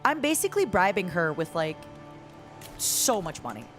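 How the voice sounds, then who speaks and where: A woman's voice: on the low side, big pitch swings, normal speed. A woman streaming a strategy game, chatting in a playful, joking way with her viewers over faint background music. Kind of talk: casual gameplay chat.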